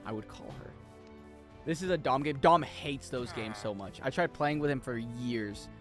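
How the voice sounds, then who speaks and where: A young man giving casual, jokey commentary as he plays a video game, swearing and breaking into loud high-pitched yells. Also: lively intonation, normal speed, faint music behind. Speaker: streamer.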